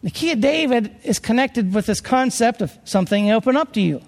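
A man's voice: very high voice, lively intonation, brisk, a little mellow, big-room sound. A man preaching a conversational sermon, rambling a little and restarting his sentences as he works through scripture.

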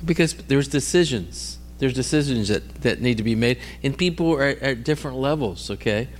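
A man's voice: medium pitch, lively intonation, normal speed. Man preaching in a chatty, storytelling way. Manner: checks in often with "all right?" and "amen?"; repeats and restarts words while telling stories. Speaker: preacher teaching on healing ministry. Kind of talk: conversational sermon with storytelling.

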